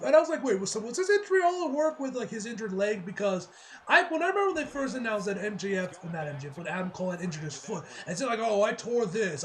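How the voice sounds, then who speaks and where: Casting: high-pitched male reviewer, rambling and excitable, casual solo chat. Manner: excitable, rambling, lots of fillers and laughter. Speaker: wrestling reviewer.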